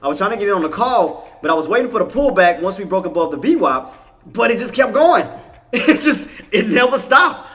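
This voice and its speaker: A man's voice: high-pitched, very animated, fairly quick, sharp tone. A man streaming live trading commentary, talking in casual slang and often venting in frustration, repeating himself and cursing under his breath. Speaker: day trading livestream host.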